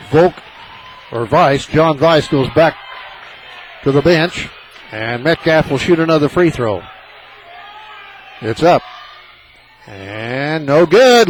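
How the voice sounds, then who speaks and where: A man calling a high school basketball game on local radio, partisan and excitable, his voice jumping up on big plays. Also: poor audio. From southern Illinois. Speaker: play-by-play announcer.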